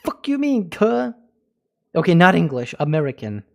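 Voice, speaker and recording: At a moderate pace, a man with a slightly high, sing-song voice and vocal fry chats on a live stream. His talk is casual and profane, peppered with jokes and mock foreign phrases, and he laughs often between lines.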